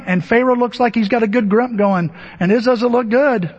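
A pastor preaching a sermon, telling the story with animated energy, acting out voices and asking the congregation questions. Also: male voice, high voice, moderate pace, few pauses. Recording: dull, lo-fi audio with long hall reverb. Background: laughter from the congregation.

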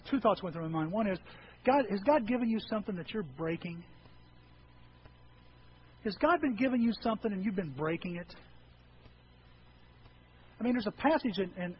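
A man preaching a sermon to his church, swinging between hushed asides and loud, animated outbursts. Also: high-pitched, lo-fi sound, a little hiss or hum. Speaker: pastor.

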